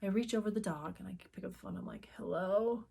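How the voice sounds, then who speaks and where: A woman's voice: mid-range voice, fast, gravelly, warm tone, husky. A middle-aged woman co-hosting a crafting channel, telling a story in casual chat and acting out the quoted dialogue. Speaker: co-host of a cross-stitch video channel.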